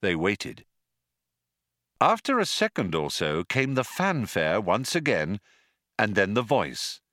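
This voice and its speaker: A man narrating an audiobook in a dry, wry, unhurried storytelling manner. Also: lowish voice, sing-song, a bit bright, no room sound.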